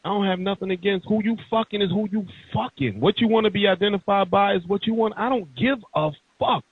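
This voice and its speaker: A man's voice: sits high, fairly quick, husky, dry recording. A man hosting a podcast, ranting heatedly and emphatically in casual, profane talk. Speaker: podcast host. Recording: tinny phone-like sound.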